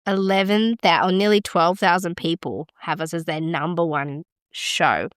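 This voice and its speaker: This woman's voice is on the low side with a clean tone, moving at normal speed in a studio-quality recording without echo. Hosting a podcast in casual chat, she gets excitable, gasping and exclaiming as she reads results and stats aloud.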